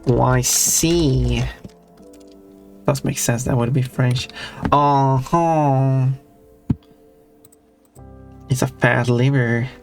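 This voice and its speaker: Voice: mid-range voice, steady tone, slow, pauses often, soft background music. A streamer chatting casually while drawing, rambling, breaking off mid-thought and humming along playfully. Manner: rambling and self-interrupting; playful, hums to themself.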